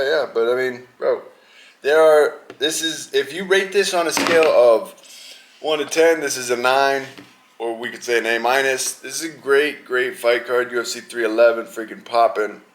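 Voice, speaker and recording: A young man hosting a podcast, talking casually and rambling in an animated, slangy way about an upcoming fight card. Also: mid-range voice, normal speed. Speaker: podcast host. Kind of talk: casual sports chat.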